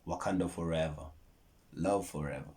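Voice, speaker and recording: A young South African man with a South African accent, signing off a casual film breakdown vlog in a playful way and jumping into high exclamations. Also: moderate pace, a little mellow, a little hiss or hum.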